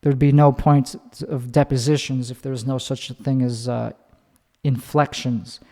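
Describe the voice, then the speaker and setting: A man's voice: medium pitch, flat delivery, a little slow, dark tone, in a large hall. A man talking casually in a rambling monologue, swearing and often restarting his sentences. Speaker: podcast host.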